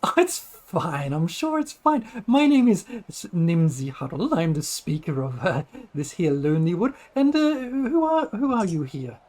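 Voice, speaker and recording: A man's voice: big pitch swings, normal speed, hardly any pauses, darkish tone. A man voicing a cheerful, fussy halfling woman who leads a small village. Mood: flustered. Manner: fussy, welcoming, high sing-song. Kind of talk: online tabletop game role-play.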